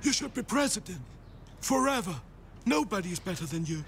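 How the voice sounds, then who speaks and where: A brash boastful president impression. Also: male voice, high voice, very animated, creaky, a bit bright, slight background noise, full character voice. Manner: slow, exaggerated, self-congratulating delivery. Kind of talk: sketch comedy impression.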